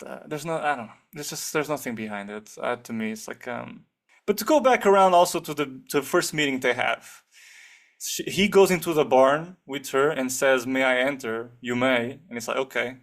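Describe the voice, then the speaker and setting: A man with a Portuguese accent co-hosting a film podcast, talking in a casual, animated and sarcastic way and acting out scenes as he goes. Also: medium pitch. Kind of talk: casual film review chat.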